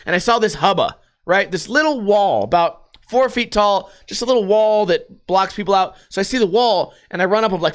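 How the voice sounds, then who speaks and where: High-pitched profane American man. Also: fast, hardly any pauses. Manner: profane, animated storyteller. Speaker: podcast host. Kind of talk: casual storytelling monologue.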